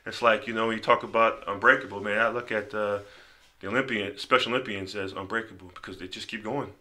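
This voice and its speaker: Bright-voiced man telling stories. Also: on the low side, fast talker. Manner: animated, acts out quoted voices, says "man" often. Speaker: podcast guest. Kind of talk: casual storytelling conversation.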